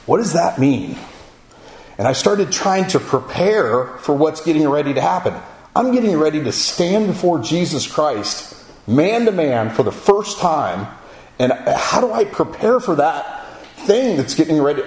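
A man's voice: a little high, big pitch swings, normal speed, a little mellow. A man in his forties giving a personal testimony, telling his story and voicing his own inner thoughts. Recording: roomy echo.

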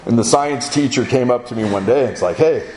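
A middle-aged man gives a relaxed, conversational sermon. His voice sits at an ordinary middle pitch, and he lifts it higher whenever he acts out the children's lines. The room is echoey, with faint background noise. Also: fast talker. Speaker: speaker at a men's gathering. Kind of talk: sermon-style storytelling.

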